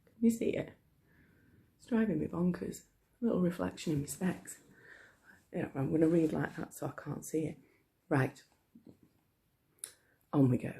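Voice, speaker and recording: Hoarse teacher reading to the class online, croaky gravelly voice, keeps coughing and apologizing. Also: mid-range voice, warm tone. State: hoarse, frog in the throat. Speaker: primary school teacher. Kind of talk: casual reading aloud for pupils online.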